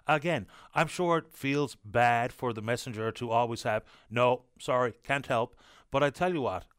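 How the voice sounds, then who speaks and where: Male talk radio host, measured and sympathetic, mid-pitched voice, dry studio mic. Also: fairly bright tone, no room sound.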